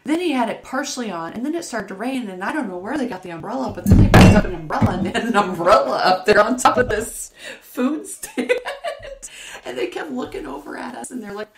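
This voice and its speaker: A woman's voice: fairly high pitch, brisk, crowd noise. A woman hosting a podcast, chatting casually, telling stories freely with swearing and frequent laughter. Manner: lively storyteller, swears freely, laughs often. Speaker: podcast host. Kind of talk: casual chat. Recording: echoey room with faint noise.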